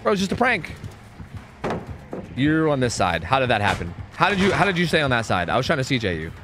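A man's voice: mid-range voice, a little fast, noisy background. A man streaming a game, chatting casually, joking and swearing a lot as he plays. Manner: excitable, swears a lot, jokey. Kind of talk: casual gameplay commentary.

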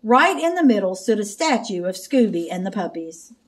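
A woman reading a children's picture book aloud in slow, clear narration. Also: medium pitch, very animated. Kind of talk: storybook read-aloud.

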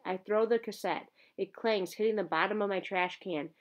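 A woman's voice: mid-range voice, moderate pace, few pauses, highs cut off. A woman reading a first-person novel aloud in an earnest, emotionally engaged way. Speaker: audiobook narrator.

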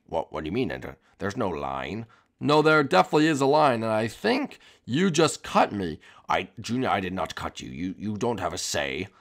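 Wario as a man plays him: greedy, blustering and gravelly, with a low, gruff voice. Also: wildly swooping pitch, moderate pace. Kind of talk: Minecraft role-play.

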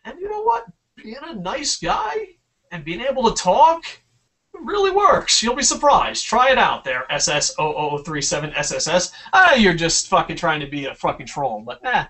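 A young man from New Jersey talks through a loose, swear-filled podcast chat. His pitch swings up and down as he rambles through stories. He sits a little back from the mic. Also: huge pitch swings, normal speed, bright, forceful tone, far from the mic. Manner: profane, rambling storyteller. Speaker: podcast co-host.

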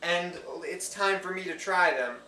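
A man improvising goofy parody ads in a rambling, deadpan way, correcting himself as he goes. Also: high-pitched, a little slow, distant mic, a little hiss or hum. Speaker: video creator.

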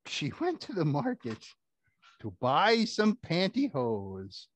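A man's voice: fairly high pitch, huge pitch swings, slow pace, no room sound. A man performing a children's puppet show, telling rhymes in a playful, theatrical way. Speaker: puppeteer and storyteller.

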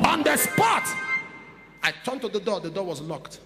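Animated preacher man in echoing church. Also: high-pitched, normal speed. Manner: animated, bursts into shouts, humorous. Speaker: pastor. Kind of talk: storytelling sermon. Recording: reverberant church hall with music. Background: instrumental music.

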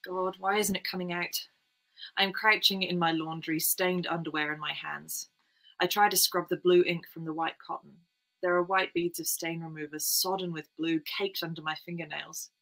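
A young woman reads her own literary piece in a measured, quiet first-person voice. Her tone is bright and clear at the top, with a gravelly fry settling in at the ends of phrases. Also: lowish voice, poor audio. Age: young adult. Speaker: writer reading her own work. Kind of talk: literary reading.

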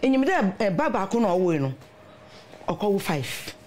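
Animated Ghanaian woman telling her story. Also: medium pitch, moderate pace. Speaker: guest sharing her testimony. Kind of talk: casual testimony in conversation.

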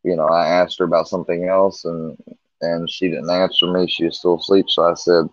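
A man with a deep, low-pitched voice tells a long personal story in a loose, rambling way. He restarts often and acts out the back-and-forth. The sound is dry and dull, like lo-fi stream audio. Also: flat delivery, fairly quick, dry recording. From Missouri. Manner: candid, rambling, with many restarts and quoted dialogue. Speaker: guest telling a personal story. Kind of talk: casual storytelling on a livestream.

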